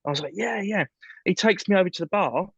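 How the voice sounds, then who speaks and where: Man telling lively rock stories. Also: high voice, rapid-fire, dry recording. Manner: animated anecdote teller, does voices in his stories. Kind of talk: casual chat about gigs. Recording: dull dry lo-fi sound.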